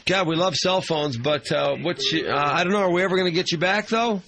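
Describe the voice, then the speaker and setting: A man's voice: sits high, fairly quick, gravelly, fairly bright tone. A man co-hosting a radio show, mocking and crude in a brash banter style. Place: radio studio.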